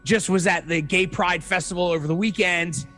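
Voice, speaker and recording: A man's voice: high-pitched, steady tone, moderate pace, bright, forceful tone, faint music behind. A man co-hosting a podcast, chatting in a laid-back way while getting over a cold. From Philadelphia area. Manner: laid-back, says man and bro a lot. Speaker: podcast co-host. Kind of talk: casual chat.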